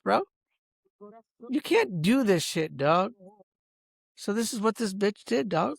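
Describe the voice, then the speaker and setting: A man's voice: high voice, big pitch swings, slow, gravelly, long pauses, dry recording, clean studio sound. A man in a rambling, angry vlog rant, boastful, smoking a cigar as he talks and saying "bro" and "dog" at every turn. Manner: smoking a cigar while talking. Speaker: vlogger.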